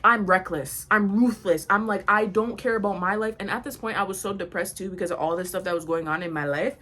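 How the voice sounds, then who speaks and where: A young woman vlogger telling a storytime tale while getting ready, animated and slangy, swearing freely. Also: medium pitch, a little fast. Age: young adult.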